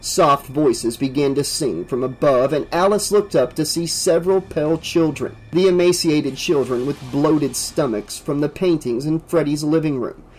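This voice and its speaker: Male audiobook narrator with a higher voice. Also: normal speed, hardly any pauses, a little mellow, low-quality recording. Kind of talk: dramatic audiobook reading.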